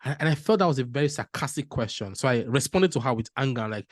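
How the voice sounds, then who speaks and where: A man tells a motivational story with a lively, swooping pitch that rises and falls sharply. He laughs easily and acts out the people in his story, and his voice sounds dry and close, with no room echo. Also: quick pace. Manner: animated, laughs often, acts out dialogue. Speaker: panel speaker.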